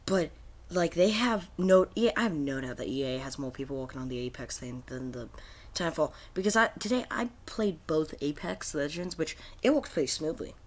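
In this angry gaming rant, a male video creator speaks at normal speed in a voice that's a little high. Frustrated with a game, he curses nonstop and keeps restarting his sentences amid plenty of fillers.

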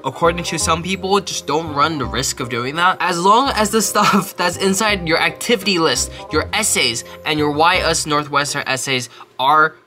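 A young man from Texas giving casual advice to applicants, animated and self-mocking, dropping quick mumbled asides to himself. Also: on the high side, faint music behind. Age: young adult. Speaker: college student giving essay advice.

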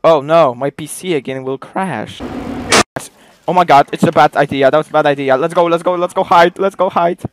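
A man giving excited gameplay commentary as a streamer, exclaiming and reacting loudly, in broken non-native English. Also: on the high side, normal speed, slight background noise. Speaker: game streamer.

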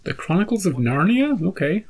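A woman's voice: fairly low pitch, sing-song, normal speed. A woman hosting a reaction video, making chatty jokes over film clips. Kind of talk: casual reaction commentary. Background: film soundtrack music.

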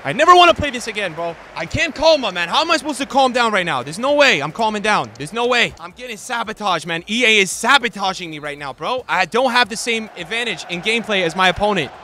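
A young man streaming a football video game, swearing and ranting, with his voice swinging from low mutters to angry shouts. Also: lively intonation, fast talker, few pauses, slight background noise. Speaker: gaming streamer. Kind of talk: raging gameplay commentary.

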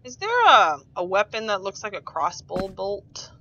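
A woman's voice: mid-range voice, bright, forceful tone, dull audio. A woman streaming a game in rambling, giggly casual chat, swearing freely as she goes. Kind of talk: casual chat while playing.

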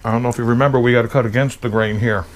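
A man's voice: medium pitch, steady tone, very fast, slight background noise. A man hosting a casual home cooking video, showing off smoked meats and tasting them with eager murmurs of delight. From Pennsylvania. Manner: enthusiastic, tasting and reacting with pleased murmurs.

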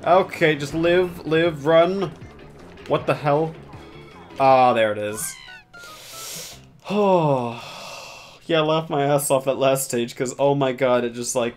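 A man's voice: mid-range voice, slow, pauses often. Young male streamer, casual and sarcastic, swears freely, mock-dramatic, faint music underneath. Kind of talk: casual gameplay commentary.

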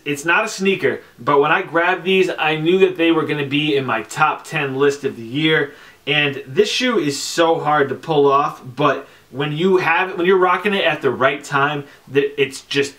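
A young man talking casually on camera about his sneaker collection, chatty and relaxed, with lots of fillers and slang. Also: on the high side. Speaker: sneaker vlogger. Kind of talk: casual product review.

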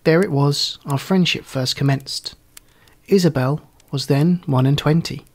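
Reading a classic story aloud, this man narrates in a measured, theatrical way fitting older prose. His voice is fairly high.

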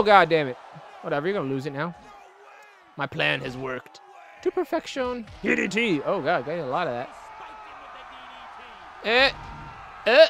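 A man commentating his own wrestling video game play, excitable and profane, trash-talking his opponent, groaning at hits and yelling when things go wrong. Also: a little high, normal speed, creaky, pauses often, slight background noise. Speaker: gameplay commentator.

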